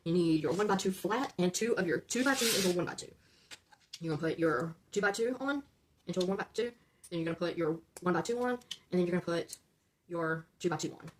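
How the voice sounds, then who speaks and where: A fast-talking woman on the low side guides viewers through a relaxed LEGO build, frequently saying "okay?" A little hiss or hum sits in the recording, and she sometimes garbles a number and then corrects it.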